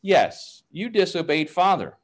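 A man voicing a calm, patient eldest brother who speaks softly and gently, with a lively pitch. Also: measured pace, full character voice. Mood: gentle. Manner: soft, patient.

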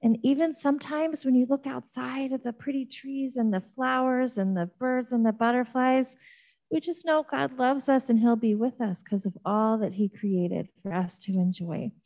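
A woman giving a gentle children's Bible lesson, asking the kids simple questions and reading a story aloud. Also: high voice, moderate pace. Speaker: children's ministry teacher.

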